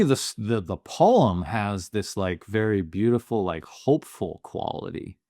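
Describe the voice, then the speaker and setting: A man's voice: lowish voice, darkish tone, no echo, clean studio sound. A man co-hosting a movie podcast, talking reflectively and a little hesitantly, filling his thoughts with "like". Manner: reflective, hesitant, many "like" fillers. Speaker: podcast co-host. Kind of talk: casual movie discussion.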